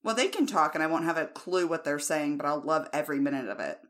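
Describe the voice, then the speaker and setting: An American woman in casual chat, relaxed and easily amused. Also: sits low, fast talker. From United States.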